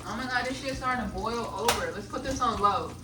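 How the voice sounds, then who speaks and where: A woman's voice: on the high side, fairly quick, distant mic, heavy background noise. A young woman cooking in her home kitchen and talking through each step in a chatty, profane, joking way. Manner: chatty, profane, jokey self-narration. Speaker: vlogger. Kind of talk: casual cooking vlog. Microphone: phone on a charger, away from the stove.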